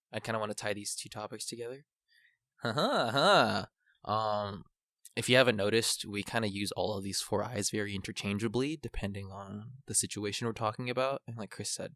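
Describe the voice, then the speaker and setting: A man with a somewhat low voice lays out his ideas earnestly on a podcast. His talk is casual but focused. The sound is dry and close. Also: a bit bright, dry recording. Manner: earnest, explanatory. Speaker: podcast co-host.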